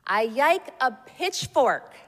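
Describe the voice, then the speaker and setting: An eager, lisping toddler boy, not quite three, chirps his wishes in a high, bright little voice, as a woman puts him on for a read-aloud story. The words come slow and careful, and a long echo trails behind them in the room. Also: big pitch swings, full character voice.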